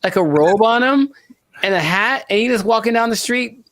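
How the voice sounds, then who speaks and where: A man's voice: sits high, expressive, normal speed, fairly bright tone. A young man co-hosting a casual podcast, rambling and wry, often restarting his sentences. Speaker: podcast co-host.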